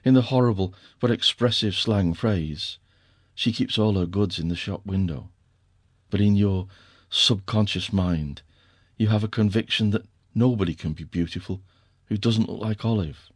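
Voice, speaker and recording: A man's voice: fairly low pitch, moderate pace, no room sound, studio quality, natural voice. A male narrator voicing a teasing, affectionate young husband with a wry, fond way of talking.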